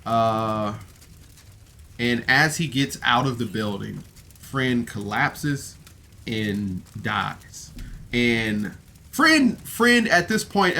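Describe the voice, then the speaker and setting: Slow-talking man with a bright voice. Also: medium pitch. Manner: rambling, emotional, full of fillers. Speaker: podcast reviewer. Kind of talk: casual review commentary. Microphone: camera mic, seated on camera.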